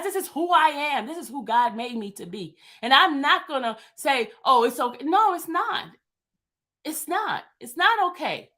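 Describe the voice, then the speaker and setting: A woman's voice: high voice, pushed and bright. A woman in her fifties venting in an emphatic, repetitive monologue to her viewers. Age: 50s. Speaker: vlogger. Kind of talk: impassioned monologue.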